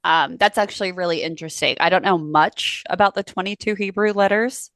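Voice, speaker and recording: A woman's voice: lowish voice, brisk, fairly bright tone, no room sound. A woman podcast co-host in casual chat, playful and crude, mocking herself and laughing through her stories.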